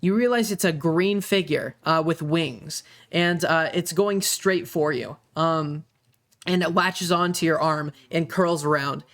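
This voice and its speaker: A young man narrating a tabletop game as game master, pausing often with ums and uhs. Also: fairly high pitch, fairly bright tone. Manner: halting, many ums and uhs.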